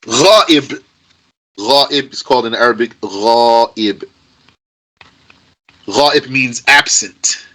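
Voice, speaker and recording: A man's voice: medium pitch, extremely slow, long pauses, sharp tone, low-quality recording. A man teaching an Arabic grammar lesson to a class, patient and repetitive, stressing key points emphatically.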